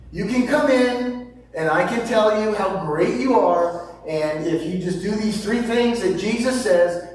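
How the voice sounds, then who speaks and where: A male pastor delivers a sermon in a fairly high voice, leaning hard on key words and then dropping to near-whispers. He poses rhetorical questions as he reads scripture. He sounds distant from the microphone, in a hall with heavy, lingering echo. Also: a little hiss or hum. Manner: emphatic, swings between loud stresses and hushed asides. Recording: very echoey hall from far off.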